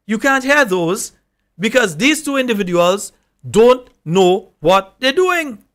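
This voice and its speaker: Man, call-in radio host, high voice, argumentative commentary. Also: fairly bright tone. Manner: argumentative, repeats points with "Yeah?". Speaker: radio talk show host.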